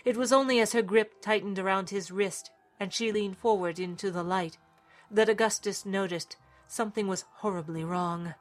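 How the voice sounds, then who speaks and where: A woman's voice: mid-range voice, moderate pace, soft background music. A woman narrating a story in a dramatic, scripted reading style.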